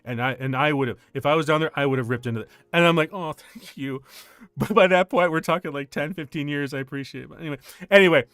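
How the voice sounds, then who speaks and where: Man, middle-aged, casual streamer storytelling, laughs a lot, slightly high voice, dry close mic, faint music. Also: quick pace, no echo. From United States. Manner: animated, laughs often, acts out quoted voices.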